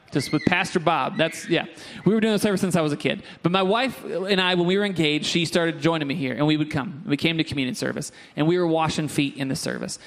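Man, young adult, pastor, sermon, fairly high voice, joking asides, church. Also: a little hiss or hum. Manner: lively, joking asides to the congregation. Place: church sanctuary.

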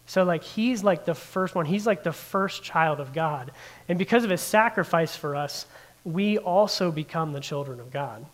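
A man in his thirties preaching a casual, conversational sermon to a room, often filling his sentences with "like". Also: on the high side. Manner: conversational, heavy use of "like" fillers. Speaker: pastor. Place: in front of a room of listeners.

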